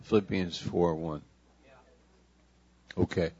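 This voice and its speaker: A low-voiced pastor speaks very slowly, drawing his congregation in with playful prompts and repetition. The sound is dull and lo-fi, like an old church tape. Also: steady tone, a little mellow, husky. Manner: slow, playful, coaxing the congregation to repeat words. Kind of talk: sermon with congregation interaction.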